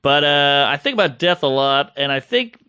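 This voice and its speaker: A man's voice: fairly high pitch, expressive, normal speed, pushed and bright, clean tone, no room sound. A man co-hosting a podcast in casual chat, teasing and wry, with musing asides. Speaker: podcast co-host. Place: podcast studio.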